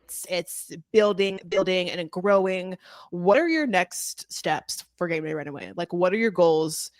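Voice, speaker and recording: A young woman hosting a podcast, talking casually and warmly with a guest, full of likes and ums. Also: lowish voice, unhurried, no echo, studio quality. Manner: casual, filler-heavy, upbeat. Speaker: podcast host. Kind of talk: casual conversation.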